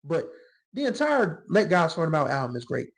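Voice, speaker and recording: A middle-aged man with a scratchy throat hosting his own music channel, talking casually and reflectively about songs, now and then letting out a drawn-out "whew.". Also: fairly high pitch, sing-song, creaky. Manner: reflective, gets emotional, drawls exclamations like "whew". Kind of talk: casual solo music commentary.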